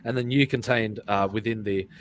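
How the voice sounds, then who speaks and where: A low-voiced man hosts a casual live talk show. He rambles, restarts phrases and repeats words as he goes, laughing along the way. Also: steady tone, a little fast, slight background noise. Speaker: podcast host. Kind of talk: casual live-stream chat.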